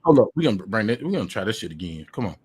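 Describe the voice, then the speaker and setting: A man's voice: lowish voice, very animated, racing, darkish tone, breathy edge. A man hosting a casual live stream, talking in a loose, slangy way full of fillers. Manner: laid-back, slangy, filler-heavy talk. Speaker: livestream host.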